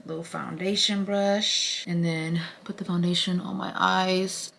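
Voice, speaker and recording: A young woman chatting casually to her viewers while doing her makeup, expressive and talkative. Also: on the low side, measured pace, creaky. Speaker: beauty vlogger. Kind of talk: casual makeup vlog chat.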